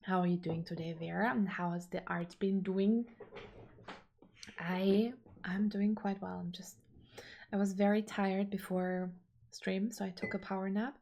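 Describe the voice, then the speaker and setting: A woman's voice: mid-range voice, steady tone, moderate pace, vocal fry, a little mellow. A young woman streaming her drawing, chatting casually and gushing as she reads chat aloud. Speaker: art streamer.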